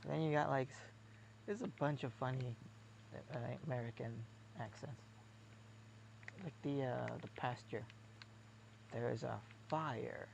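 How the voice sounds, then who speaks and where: A man's voice: mid-range voice, measured pace, gravelly, long pauses, slight background noise. A man streaming a game, chatting casually in a rambling, musing, self-mocking way. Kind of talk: casual gameplay chat.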